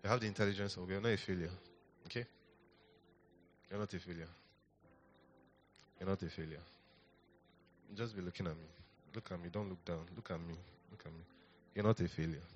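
A man's voice: deep voice, brisk, long pauses, a little hiss or hum. A man preaching a sermon in a church, repeating phrases and asking the congregation to answer back. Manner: coaxing, repeats phrases, asks the congregation to respond. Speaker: pastor.

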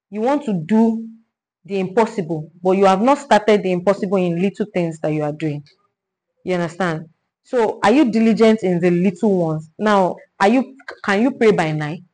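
A woman leading a Bible study, teaching in an animated way, repeating herself and asking rhetorical questions. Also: medium pitch, poor audio.

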